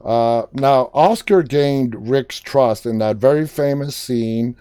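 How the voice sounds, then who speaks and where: A man's voice: mid-range voice, takes it slowly, warm tone, clear, resonant tone, dry recording, studio quality. A man hosting an interview, asking long, winding questions in a casual way. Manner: conversational, long winding questions, short reactions. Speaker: interviewer, host.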